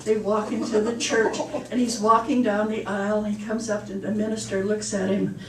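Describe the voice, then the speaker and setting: A woman's voice: mid-range voice, little pitch movement, normal speed, slight background noise. A woman minister giving a sermon in a chatty, storytelling way. She laughs at her own jokes. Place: church hall. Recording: echoey hall, mic far off.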